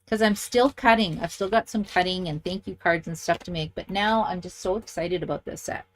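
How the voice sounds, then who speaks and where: Talking a little fast in a lowish voice, a middle-aged woman shows how to make cards in a casual papercraft tutorial. She's chatty and excited, thinking out loud as she goes.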